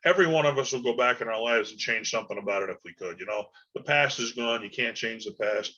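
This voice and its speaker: A man's voice: mid-range voice, fast, sharp tone, highs cut off. A man hosting a podcast on his own, talking in a rambling, folksy way with lots of fillers. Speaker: podcast host. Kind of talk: casual solo podcast monologue.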